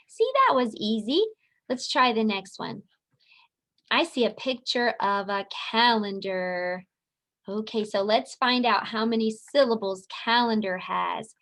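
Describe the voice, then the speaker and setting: Preschool teacher lady doing circle time, slow and sing-songy, kinda high voice. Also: a bit bright. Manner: slow, sing-song, encouraging talk to small children. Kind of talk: virtual circle time lesson for young children.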